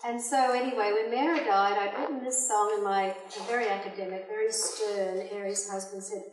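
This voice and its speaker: A woman's voice: medium pitch, fairly even intonation, a little fast, few pauses, slight background noise. An older woman, a singer and music teacher, chatting and laughing as she tells stories between songs at a concert. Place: concert hall. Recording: echoey hall, mic from far off.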